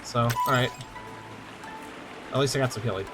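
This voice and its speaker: A man's voice: mid-range voice, moderate pace, over music. A man giving casual, chatty let's-play commentary, swearing and joking as he plays. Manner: chatty, swears, laughs easily. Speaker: gamer.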